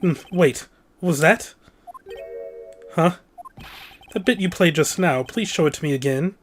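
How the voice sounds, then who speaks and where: A game player voicing a stern, formal male prosecutor in a put-on British accent, reading game dialogue with soft music behind. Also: medium pitch, lightly acted. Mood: composed. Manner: measured, formal, deliberate delivery. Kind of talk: let's-play voice acting of game text.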